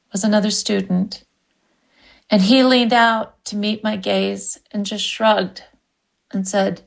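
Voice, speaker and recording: A woman reading a first-person story about a past event in an unhurried, reflective way. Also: mid-range voice, creaky. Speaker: listener telling a personal story.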